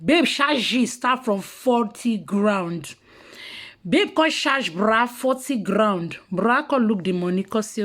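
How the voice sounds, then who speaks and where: A woman with a Nigerian Pidgin accent telling gossip in casual commentary, mocking and animated, sometimes dropping to hushed asides. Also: mid-range voice, slow. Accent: Nigerian Pidgin English.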